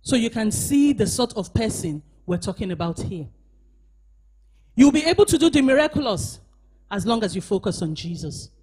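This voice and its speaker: This is a woman pastor giving a church sermon, shifting between shouts and soft asides as she invites the congregation to answer. She speaks on the high side with a sing-song lilt, a breathy edge, and a moderate pace.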